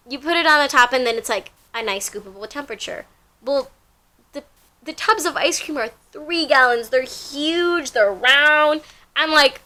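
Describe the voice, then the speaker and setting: A woman's voice: fairly high pitch, bright, forceful tone. A young woman telling a rambling, casual story from her job, full of fillers and repeats.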